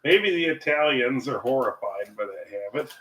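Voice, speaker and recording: A man's voice: mid-range voice, animated, normal speed, fairly bright tone, distant mic. An American man chatting casually while he cooks at home, rambling through asides and chuckling to himself. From United States. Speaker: cooking vlogger and English teacher. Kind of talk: casual cooking livestream chat. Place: home kitchen. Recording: echoey kitchen with faint ambient noise.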